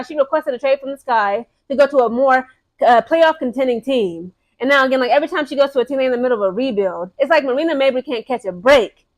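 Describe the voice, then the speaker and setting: A woman's voice: high-pitched, no echo. A woman giving casual, emphatic, slangy opinion commentary as a sports fan vlogger.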